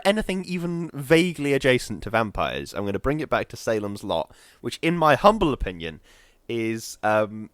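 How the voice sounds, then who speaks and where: A man chatting casually on a podcast, rambling and animated as he tells stories in put-on voices. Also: lowish voice, smooth, dry recording. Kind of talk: casual chat.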